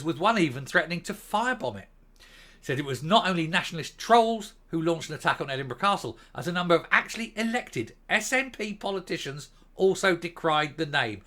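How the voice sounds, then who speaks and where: A man's voice: high voice, pushed and bright. A Northern Irish man hosting his own channel, giving blunt, sarcastic opinion commentary with mild swearing. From Northern Ireland. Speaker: host of a political commentary channel.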